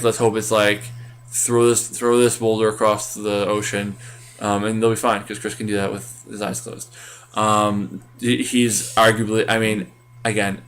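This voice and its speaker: A man's voice: fairly low pitch, a bit bright, a little hiss or hum. Man, casual recap chat, rambling, lots of ums and restarts. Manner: rambling, many fillers and restarts. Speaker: podcast co-host.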